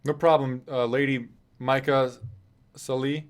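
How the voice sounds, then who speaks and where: A man's voice: mid-range voice, little pitch movement, measured pace. Chatty man hosting a live fight stream. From Nebraska, USA. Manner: chatty, self-deprecating, wry. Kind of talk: casual live reaction commentary.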